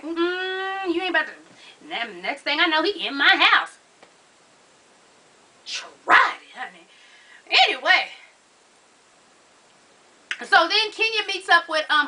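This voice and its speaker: A woman chats through a reality show recap in a high, bright voice. She is sassy and profane, and she calls her listeners honey at every turn. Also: rough recording. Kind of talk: casual episode recap.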